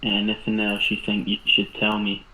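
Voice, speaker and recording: A man's voice: lowish voice, completely flat delivery, normal speed, reverberant, noisy background. A man playing a tabletop game, mixing menacing in-character threats with casual description of his actions. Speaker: player. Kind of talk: tabletop role-play.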